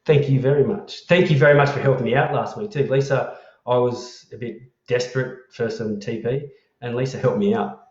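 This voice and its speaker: An Australian man hosting a casual live chat, rambling and affectionate as he repeats himself through shout-outs to viewers. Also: medium pitch, fairly even intonation, a little fast. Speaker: host of an online community live chat. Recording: roomy and dull lo-fi sound.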